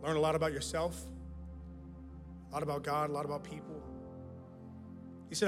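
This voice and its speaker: A male guest pastor preaching a sermon, impassioned, repeating phrases and swinging from loud declarations to low, quiet lines. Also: little pitch movement, moderate pace, pauses often. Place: church sanctuary. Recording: long hall reverb with music underneath.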